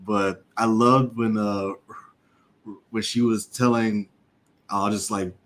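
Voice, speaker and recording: A man's voice: lowish voice, fairly even intonation, takes it slowly, a bit bright. A man guesting on a casual podcast chat, laid-back and slangy.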